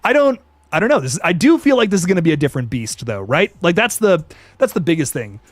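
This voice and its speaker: A young man hosts a casual live stream, chatting loosely with viewers in an excitable, slangy way. His voice sits a bit high and swings widely in pitch. The sound is close and dry, with no room around it. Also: fast talker, dry recording. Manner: excitable, laid-back slang, frequent laughs and restarts. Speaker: youtube host reading live chat.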